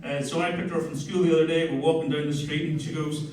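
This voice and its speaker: A man's voice: a little high, fast, heavy reverb, distant mic, poor audio. A man in his forties with a Northern Irish accent, telling crude family stories in a stand-up comedy set. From Northern Ireland. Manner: crude, storytelling, animated. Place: comedy club stage.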